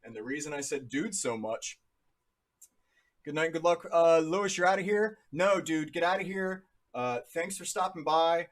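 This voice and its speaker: Jersey guy in his 30s doing a live crypto stream, chatty and jokey, slightly high voice. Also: normal speed. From New Jersey. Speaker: crypto livestream host. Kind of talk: casual live chart talk.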